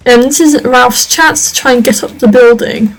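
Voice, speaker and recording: Chatty high-voiced woman narrating gameplay. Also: moderate pace, rough recording. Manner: chatty, rambling, lots of fillers. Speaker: video game creator. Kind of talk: casual gameplay commentary.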